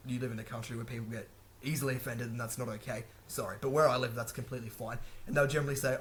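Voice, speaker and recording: Fast-talking young man, chatty vlogger. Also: medium pitch, fairly even intonation, slight background noise. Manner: chatty, laughs often, corrects himself. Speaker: language-learning video host. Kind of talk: casual talk to camera.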